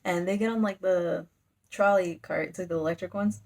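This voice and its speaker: A woman's voice: fairly low pitch, steady tone, moderate pace, darkish tone. Woman rambling through a manga recap, giggly, lots of likes and fillers. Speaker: manga reviewer. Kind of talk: casual chat recap.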